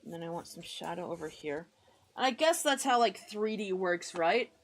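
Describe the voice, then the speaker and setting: A woman's voice: on the low side, animated, moderate pace. A woman from the United States streaming live, chatting casually while she draws, rambling and self-deprecating, muttering to herself and greeting her chat in a friendly way.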